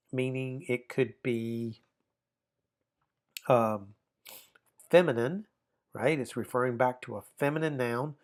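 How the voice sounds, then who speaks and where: A man gives a recorded online grammar lesson in a mid-range voice. He explains patiently and step by step, often restating a point before moving on. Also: mid-range voice. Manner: explanatory, repeats and rephrases himself with fillers. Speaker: Greek grammar teacher.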